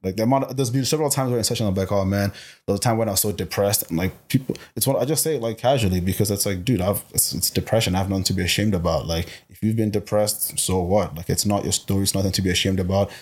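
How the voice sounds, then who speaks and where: A young man from Botswana talks as a guest in a relaxed interview, his voice sitting fairly low. He speaks emphatically and with animation, often repeating words as he works out what he means. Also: fast, hardly any pauses, husky. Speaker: guest, personal trainer. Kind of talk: casual interview chat.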